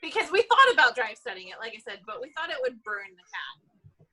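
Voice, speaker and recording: A woman, an animal control officer, telling an animated story in a casual interview and laughing often. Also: on the high side, fairly quick, poor audio.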